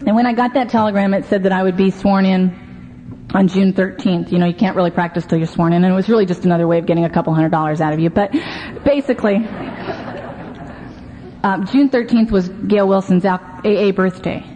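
A woman's voice: mid-range voice, brisk, dark tone. A middle-aged woman sharing her story at a recovery meeting, candid and self-deprecating, with many "you know"s. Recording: muffled, lo-fi recording with faint hiss.

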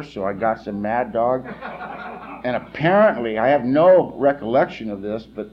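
A man's voice: mid-range voice, muffled recording. A man from California giving candid, wry personal testimony at a recovery meeting, rambling with many fillers.

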